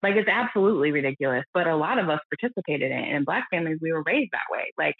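A woman from the United States speaking candidly as a podcast guest, earnest and reflective, often quoting others in a lowered voice. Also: expressive, very fast, breathy edge, no echo. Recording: dry, phone-like lo-fi audio.

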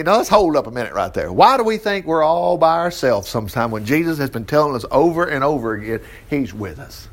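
A middle-aged man, teaching the Bible in a folksy, animated way with chuckling asides. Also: on the high side, brisk, hardly any pauses. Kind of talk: informal Bible study commentary.

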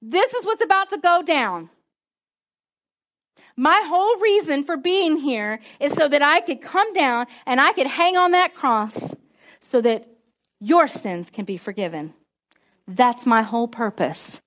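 A woman voices Jesus, a calm grown man explaining his purpose. The voice is high, plain and earnest, with a casual turn of phrase. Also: a little slow.

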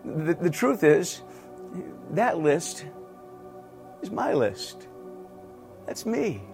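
High-voiced man preaching a sermon. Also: very animated, very slow, darkish tone, soft background music. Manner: earnest preaching with emphatic repetition. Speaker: pastor.

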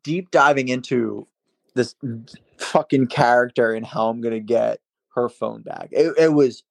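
A young man from Massachusetts chats casually on a podcast, laughing and cursing as he tells a story. His voice has a gravelly, creaky edge, and the sound is dry and close. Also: medium pitch, unhurried, no echo. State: day drinking. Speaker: podcast co-host. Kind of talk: casual chat.

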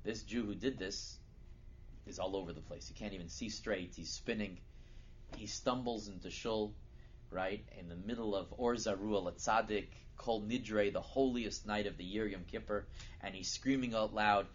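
A man giving a sermon as a lively storyteller who builds to loud, emphatic peaks. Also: mid-range voice, moderate pace. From United States. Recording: dull lo-fi recording with faint noise.

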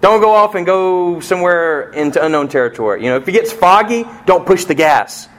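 A middle-aged man preaching a sermon as pastor, telling a family story and acting out the voices in it, with sharp swings from soft to loud. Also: high voice, expressive, brisk. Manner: storytelling with vivid acted-out quotes and swings in loudness.

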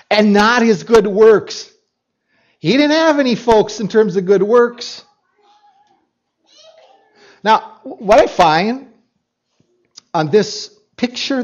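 A man preaching a sermon as pastor, reading scripture and making emphatic points with repeats and asides to the congregation. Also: sits high. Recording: dull lo-fi recording.

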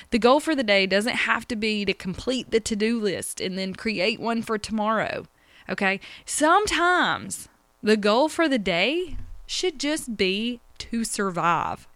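A woman's voice: fairly high pitch, a bit bright, no echo. A woman, talking emotionally and rambling about her day as a podcast host. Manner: emotional, rambling, addresses listeners directly. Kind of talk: personal confessional chat.

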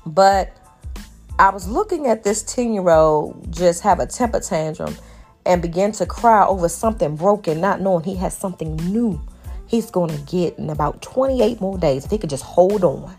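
Lower-voiced woman telling a story preacher-style. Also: normal speed, husky, faint music behind. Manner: lively, preacher-like storytelling, addresses viewers as y'all. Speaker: faith vlogger. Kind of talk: storytelling devotional talk.

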